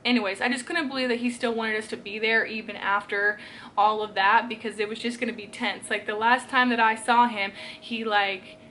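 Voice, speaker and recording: A woman's voice: a little high, steady tone, brisk, pushed and bright, a little hiss or hum. Young woman rambling through an emotional storytime. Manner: rambling and emotional, heavy with filler words. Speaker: vlogger. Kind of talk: casual storytime vlog. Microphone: camera she films herself with.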